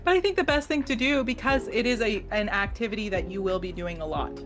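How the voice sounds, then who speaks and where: A woman co-hosting a podcast in casual chat, an animated storyteller who laughs often and acts out voices. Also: mid-range voice, fast talker, over music. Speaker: podcast co-host.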